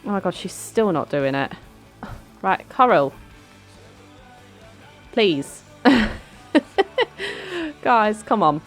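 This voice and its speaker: A woman's voice: mid-range voice, lively intonation, drawn-out words, pauses often. A young woman chatting through a life-sim game, bossing her characters around and giggling. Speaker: let's play host. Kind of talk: casual gameplay commentary. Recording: faint background music.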